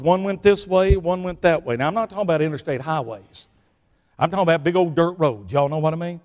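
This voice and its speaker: An older man with a Southern US accent preaching a sermon, telling folksy stories that swing between shouting and hushed asides. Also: fairly high pitch, fast talker, in a large hall.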